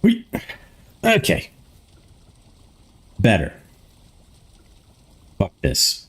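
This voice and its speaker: A man's voice: lowish voice, slow, pauses often, a little mellow. A young man live streaming from a room in his home, chatting casually, grumbling to himself and swearing often.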